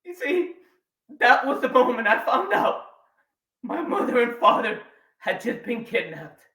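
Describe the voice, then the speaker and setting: Guy in his 40s doing a big keynote story, dramatic pauses, roomy hall sound, mic kinda far. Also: very high-pitched, very animated. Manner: dramatic pauses, swings between quiet and loud. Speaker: keynote speaker. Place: large event room or hall. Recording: echoey hall, voice a bit distant.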